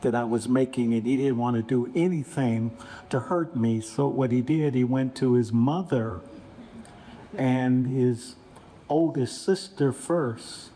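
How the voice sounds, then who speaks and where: A man in his seventies, a bishop on a panel, telling a story in an unhurried, reflective way. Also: mid-range voice, mellow. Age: 70s. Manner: unhurried, reflective, acts out quoted voices.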